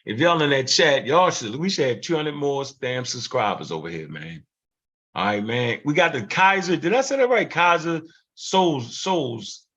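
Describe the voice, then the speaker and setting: A man's voice: medium pitch, big pitch swings, normal speed, fairly bright tone, breathy edge. A man hosting a livestream show in a loose, casual way, tagging "man" onto his phrases. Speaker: show host. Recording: muffled lo-fi audio.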